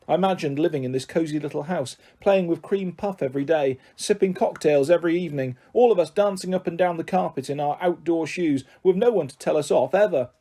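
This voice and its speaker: A man reading a children's novel aloud as the narrator, in a gentle, even storytelling manner. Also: fairly high pitch, a little fast, hardly any pauses. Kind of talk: audiobook narration.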